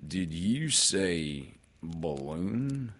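A man voicing a gloomy old male donkey in a storybook reading, talking in a slow, mournful, drawn-out deadpan. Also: deep voice, heavily acted.

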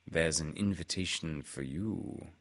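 A man's voice: a bass voice, unhurried, voice pushed down. A man voicing a fussy, self-important male owl in a storybook reading. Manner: fussy, slightly pompous.

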